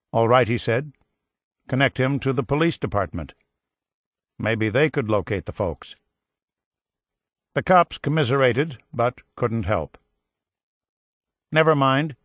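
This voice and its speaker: A man reading a history audiobook in measured scripted narration, lifting his voice for quoted dialogue. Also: medium pitch, no echo. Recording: dry studio voice-over.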